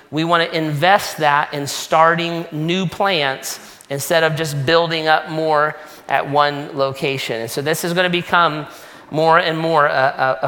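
A man's voice: a little high, pushed and bright. A man preaching as a pastor, casual and joking in a conversational sermon style. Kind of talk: sermon announcements. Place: church sanctuary. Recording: long hall reverb.

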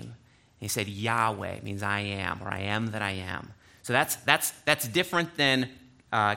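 A man's voice: mid-range voice, pushed and bright. A man preaching a sermon, reading scripture aloud and breaking in with explanatory asides. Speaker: pastor.

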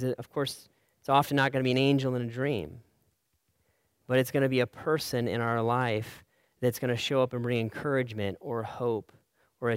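A man preaching a sermon in an earnest way, often checking in with "right?" and letting his voice fall soft on key lines. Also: medium pitch, clean tone, dry recording, studio quality. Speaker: pastor.

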